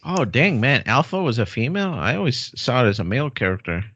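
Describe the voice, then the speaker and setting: A man's voice: mid-range voice, big pitch swings, quick pace, pushed and bright, dry recording. A man co-hosting a podcast in casual chat, laid-back and asking questions. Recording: dull dry lo-fi recording.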